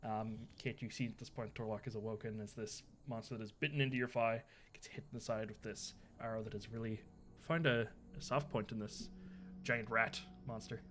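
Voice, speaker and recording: A man's voice: on the low side, steady tone, a little fast, fairly bright tone. A man narrating as game master of a tabletop role-playing game, laughing often as he goes.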